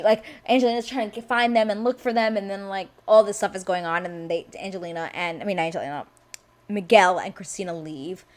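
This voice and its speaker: Chatty woman recapping a movie. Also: on the low side. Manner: chatty and excitable, heavy use of "like" and quoted dialogue.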